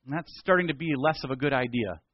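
A man's voice: medium pitch, fast talker, no echo, muffled recording. A male pastor retelling a Bible story in a casual, conversational sermon.

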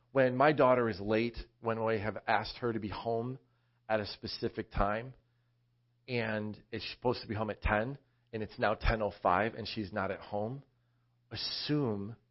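A man preaching a sermon in a conversational, animated storytelling way. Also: lowish voice, highs cut off. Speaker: pastor.

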